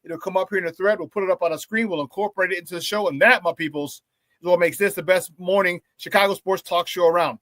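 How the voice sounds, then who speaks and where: A man hosting a morning sports talk show, hyping up viewers in a playful, lively way and often breaking into laughter. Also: high-pitched, quick pace, no echo. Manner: hype, playful, talks to the chat and laughs often. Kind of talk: upbeat morning show chat.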